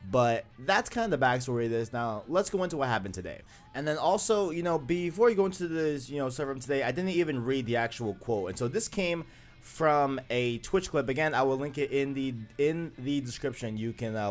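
A man hosting a casual gaming news video in a mid-pitched, ordinary voice. He rambles along in a chatty way, full of fillers and false starts. Soft music plays faintly underneath.

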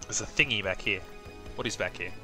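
A man's voice: on the low side, a little fast, sharp tone. A man from Australia streaming a video game, talking in an offhand, self-mocking way with casual swearing, over faint game music. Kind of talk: casual live-stream commentary.

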